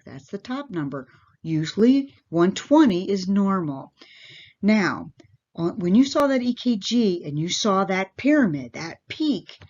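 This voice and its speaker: A woman nurse talks through heart and blood health in plain everyday words, checking in with her listeners as she goes. Her voice sits fairly low for a woman. The recording sounds dull and lo-fi. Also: darkish tone. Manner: plain-spoken explaining, asks listeners questions directly. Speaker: parish nurse. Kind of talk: health education talk to a congregation.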